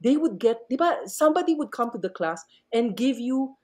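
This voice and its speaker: Lively Filipino woman telling stories. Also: sits high, a little fast. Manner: animated, mixes Tagalog and English. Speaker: podcast guest, math teacher. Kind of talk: casual podcast storytelling.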